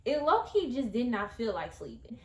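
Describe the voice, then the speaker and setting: A woman's voice: on the high side, very animated, moderate pace, echoey room. A woman telling a story in a casual vlog, chatty and rambling, talking straight to her viewers. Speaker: vlogger.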